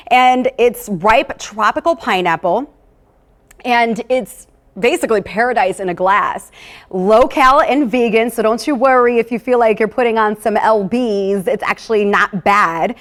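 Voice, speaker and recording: A woman hosting a live wine tasting in a casual, upbeat way. She talks straight to her viewers and drifts into personal stories and asides. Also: a little high. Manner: talks straight to viewers, calling them "you guys".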